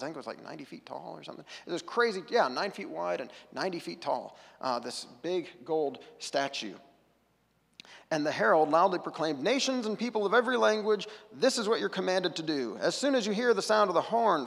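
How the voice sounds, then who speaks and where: A man's voice: a little high, vocal fry, long reverb tail. A male pastor giving a conversational sermon, retelling a scripture story with casual asides. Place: church sanctuary.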